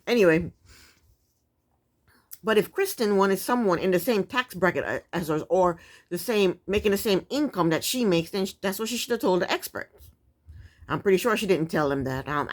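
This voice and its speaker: A woman giving a casual, opinionated TV recap, blunt and sassy, with chatty asides. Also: sits low. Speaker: TV recap vlogger.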